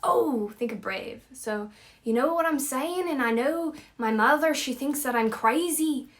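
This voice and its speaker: A woman voicing an excitable young Scottish lass, loud and gushing, laughing through her lines. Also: medium pitch, takes it slowly, vocal fry, far from the mic.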